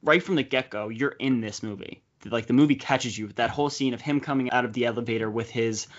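A young man hosting a casual movie podcast, talking fast with quick asides. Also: mid-range voice. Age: young adult. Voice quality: chatty, quick asides, frequent laughs. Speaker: podcast host. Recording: slightly dull podcast audio.

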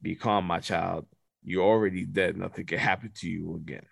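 A man voicing an ancient, all-powerful male deity who speaks in slow, low, solemn proclamations. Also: creaky, no room sound, clean studio sound, exaggerated voice. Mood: calm.

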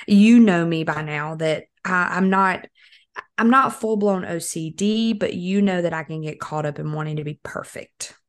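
A woman's voice: on the low side, moderate pace. A young woman co-hosting a podcast in casual chat, telling stories animatedly and laughing often. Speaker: podcast co-host.

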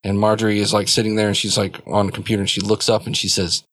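A man's voice: fairly low pitch, flat delivery, fast talker, fairly bright tone, dry recording. A man narrating a tabletop game as game master, describing scenes loosely with many fillers.

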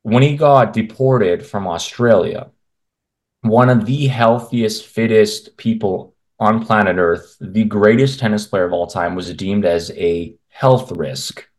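In a laid-back interview over video call, a men's health coach speaks from his Canadian home with a lowish, slow voice. He holds forth bluntly and opinionatedly, rambling on in long runs.

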